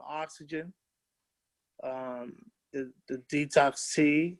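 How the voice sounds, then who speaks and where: A man giving a casual product testimonial as a webinar guest, halting and full of fillers. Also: medium pitch, fairly even intonation, dry recording. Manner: halting, many fillers and restarts.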